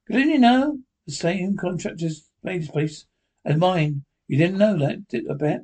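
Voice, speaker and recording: A man reading the part of a talkative, friendly police desk sergeant who gossips briskly. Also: high voice, lively intonation, darkish tone. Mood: chatty. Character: affable male desk sergeant, talkative neighbour.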